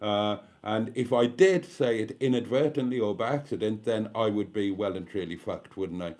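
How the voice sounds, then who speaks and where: Reading out comments on his relaxed live stream, the British YouTuber is playful, camp and quick to mock himself. His voice sits on the low side, a little mellow, at a moderate pace, and he's recording at home.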